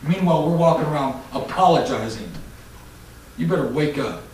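A man's voice: animated, normal speed, a little hiss or hum. Fiery preacher man in an echoey hall. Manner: swings from loud mocking shouts to low intense warnings. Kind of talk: fiery sermon. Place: church hall. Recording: echoey church hall mic from a distance.

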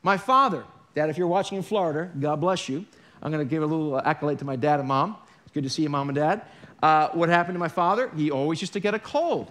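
Man pastor, high-pitched voice, chatty preaching with dry jokes for the pews. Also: fast, a bit bright. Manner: conversational and joking, with wry asides to the congregation. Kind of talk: sermon. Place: church sanctuary.

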